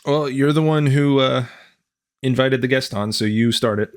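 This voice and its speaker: A man's voice: medium pitch, moderate pace, background noise. A man co-hosting a podcast, making wry, teasing remarks in casual chat.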